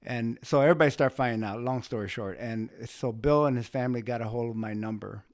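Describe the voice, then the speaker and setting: A man's voice: mid-range voice, fast talker, no echo, clean studio sound. A man telling a personal story as a guest, speaking casually with restarts and rising emotion. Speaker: guest, bystander who helped.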